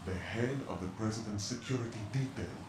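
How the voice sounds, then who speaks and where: Brief: male actor as a secretive, commanding contact, low and measured, in echoey game audio. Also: noisy background, natural voice. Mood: cryptic. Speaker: mysterious informant in a video game.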